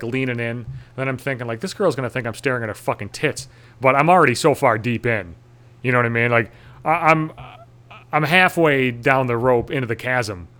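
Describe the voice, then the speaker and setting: A man's voice: mid-range voice, a bit bright. A man talks through a loose comedic monologue in a mid-range voice, cursing constantly. He rambles anxiously and mocks himself, often tripping over and restarting his sentences. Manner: profane, self-deprecating, anxious rambling with restarts.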